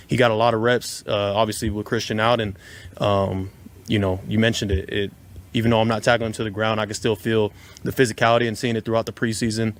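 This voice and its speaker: A professional football player answering reporters at a press conference, halting and full of fillers. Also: male voice, fairly low pitch.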